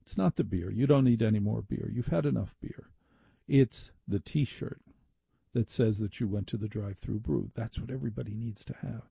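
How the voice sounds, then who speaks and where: A man hosting a talk radio show with a gravelly, very dark and husky voice. He delivers an opinionated, sardonic monologue with indignant edges. The studio sound is close and dry. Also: fairly low pitch, moderate pace, no echo.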